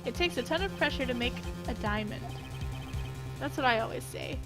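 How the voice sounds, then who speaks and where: A cool, cocky male prosecutor lecturing a witness, read by a woman in her own high voice. Game music plays behind him. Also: expressive, normal speed, close to an everyday voice. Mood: smug.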